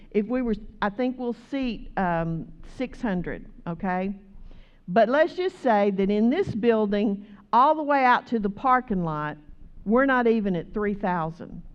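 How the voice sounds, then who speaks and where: A woman's voice: a little high, smooth, lo-fi sound. Woman preaching a fiery sermon. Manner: builds from conversational to loud, rhythmic exhortation.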